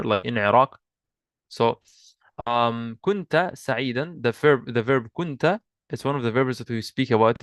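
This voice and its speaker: Guy teaching an online class, mid pitch, dry close sound, keeps repeating himself patiently. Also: dry recording. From Egypt. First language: Arabic. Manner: patient, repeats and restarts, switches between English and Arabic. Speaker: Arabic teacher. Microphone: video call mic.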